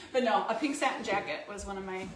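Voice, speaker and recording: A woman co-hosting a casual home talk show, chatty and quick to laugh. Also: mid-range voice, slight background noise. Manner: giggly, chatty. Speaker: co-host. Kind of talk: casual chat. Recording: echoey room, mic at a distance.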